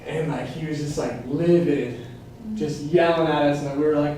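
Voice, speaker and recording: A man's voice: on the high side, slow, dark tone, a little hiss or hum. Young man telling a rambling story. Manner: laughing, rambling with fillers. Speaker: improv show guest storyteller. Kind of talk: casual storytelling. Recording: echoey stage from far off.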